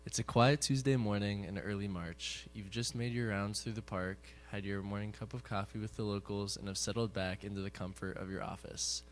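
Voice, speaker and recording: A man from the audience reading a prepared text aloud with a steady, careful delivery. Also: fairly low pitch, a little fast, hardly any pauses, a little hiss or hum.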